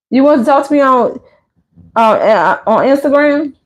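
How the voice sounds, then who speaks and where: A woman's voice: high voice, moderate pace. Chatty woman livestream host telling stories. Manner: chatty storytelling with lively voiced asides. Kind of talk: casual chat reading live comments.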